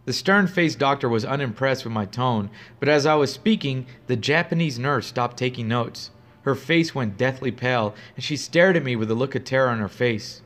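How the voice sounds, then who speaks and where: A man narrating a first-person horror story in a steady, grave, suspenseful way. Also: medium pitch, normal speed.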